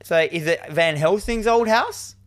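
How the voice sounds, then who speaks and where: A man's voice: high voice, a little slow. A man co-hosting a casual movie recap, jokey and rambling, often trailing off mid-sentence. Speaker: podcast co-host.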